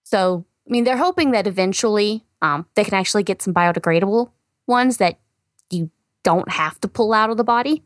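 A woman's voice: medium pitch, brisk, no echo, clean studio sound. Chatty woman co-host. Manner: chatty, many fillers like "you know" and "I mean". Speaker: science news co-host. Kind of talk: casual science podcast chat.

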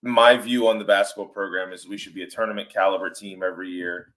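A middle-aged man co-hosting a sports podcast, thinking aloud in a measured way with fillers. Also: sits low, little pitch movement, fairly bright tone. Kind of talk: casual sports talk.

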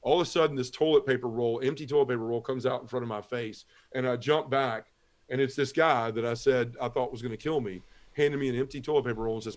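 As a talk-show guest, a man with a steady, mid-range voice tells his conversion story in a halting, emotional personal testimony, frequently repeating words as he speaks.

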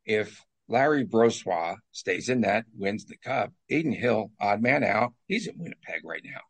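Gravelly-voiced man co-hosting a podcast. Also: on the low side, lively intonation, measured pace. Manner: rambling, jokey sign-off banter. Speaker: podcast co-host. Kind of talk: casual sports chat.

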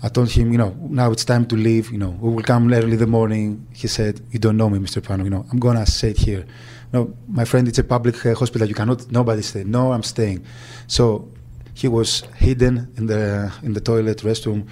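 A man with a Greek accent tells an old story in a halting way, full of fillers and restarts. His voice sits low and sounds mellow. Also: flat delivery. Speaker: agent. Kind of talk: interview recollection.

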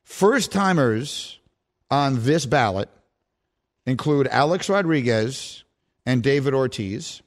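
Lively, animated male sports radio host. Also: mid-range voice, takes it slowly. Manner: incredulous, teasing, animated. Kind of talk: sports talk radio banter.

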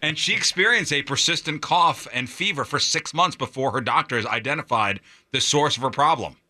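Male radio host, mid pitch, bright and dry, casual joking delivery of odd news. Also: normal speed, no echo. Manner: jokey, laughs while telling stories.

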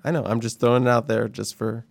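A man's voice: medium pitch, flat delivery, fast talker, gravelly, no echo. A man hosting a casual sports podcast, reading out predictions in an offhand way with a laugh in his voice. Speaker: show host.

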